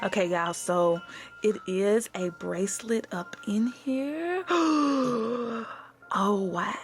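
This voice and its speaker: Woman, excitable unboxing vlog, gravelly voice, unhurried delivery. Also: mid-range voice, soft background music. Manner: gushing, excitable, addresses viewers as y'all. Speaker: vlogger unboxing a gift box. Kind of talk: casual unboxing chat.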